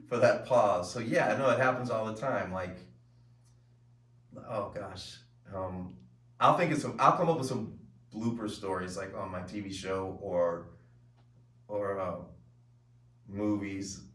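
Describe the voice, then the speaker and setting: A man's voice: fairly low pitch, takes it slowly, pauses often. Chatty middle-aged man, echoey distant mic. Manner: chatty, lively storyteller with many fillers. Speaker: host. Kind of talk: casual chat from home. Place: home room with family.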